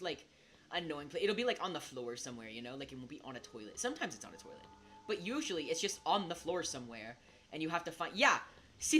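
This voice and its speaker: A woman streaming a game, rambling and giggling, swinging between hushed mutters and excited outbursts. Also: a bass voice. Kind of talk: casual gaming commentary. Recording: steady background noise.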